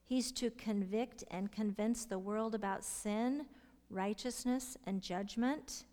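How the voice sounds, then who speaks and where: A middle-aged woman teaching a Bible study, asking her listeners questions and sometimes dropping into soft whispers to stress a point. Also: medium pitch, slow. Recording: long hall reverb.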